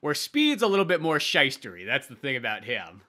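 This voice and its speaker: Podcast cohost dude, bright punchy voice, jokey, laughs a lot. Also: male voice, mid-range voice, wildly swooping pitch, brisk. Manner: laughs often, loose and joking. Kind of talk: casual movie review chat.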